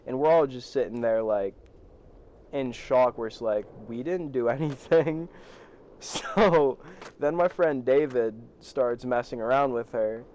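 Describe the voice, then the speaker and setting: Teen boy, casual storytime vlog, rambly and profane, average pitch. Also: measured pace, darkish tone, a little hiss or hum. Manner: rambling, profane, laughs while telling. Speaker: vlogger.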